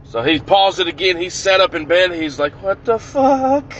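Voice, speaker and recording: A man telling a comic prank story in an animated, profane, punchy way. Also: a little high, fairly quick, dull audio, a little hiss or hum.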